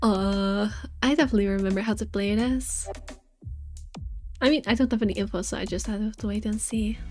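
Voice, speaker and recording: A woman's voice: mid-range voice, fairly even intonation, a little fast, a little mellow, faint music behind. A woman live-streaming a game, chatting casually with her viewers and reading game text aloud. She is chatty and giggly and trips over her words.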